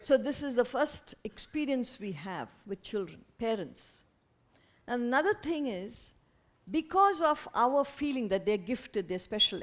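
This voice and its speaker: A woman speaks to an audience in an earnest, lively way. Her voice sits a little high, and she slips into quick imitations of parents now and then. It is a spiritual talk, delivered in a lecture hall.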